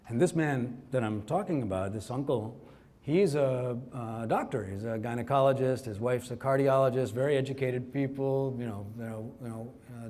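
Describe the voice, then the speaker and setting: Animated man telling a personal story. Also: medium pitch. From Kerala, India. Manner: animated storytelling, acts out quotes. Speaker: conference speaker. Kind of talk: storytelling keynote talk.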